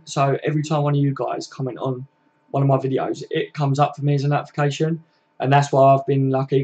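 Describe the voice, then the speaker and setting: A man's voice: medium pitch, darkish tone, highs cut off. A man, chatting casually and rambling on a live stream to his viewers. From England. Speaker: fan channel host.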